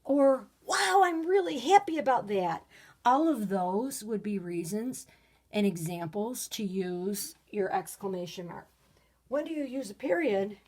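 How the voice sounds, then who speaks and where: A woman teaching a recorded grade-school lesson, patient and clear, sometimes reading example sentences with lively exclamations. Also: medium pitch. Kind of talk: recorded video lesson for children.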